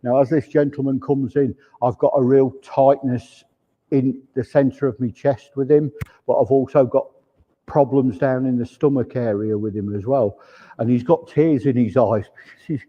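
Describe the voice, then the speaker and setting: Speaking at a normal speed in a steady, medium-pitched voice, the man delivers spirit messages at the service, frequently saying "he says." The dull lo-fi recording carries the reverb of the large village hall.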